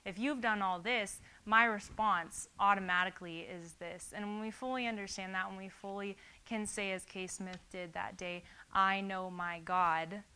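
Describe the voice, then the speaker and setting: A woman's voice: mid-range voice, steady tone, moderate pace, few pauses, bright, forceful tone, clean tone. A woman giving an informal sermon, talking earnestly and conversationally and reading scripture aloud. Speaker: Bible study teacher.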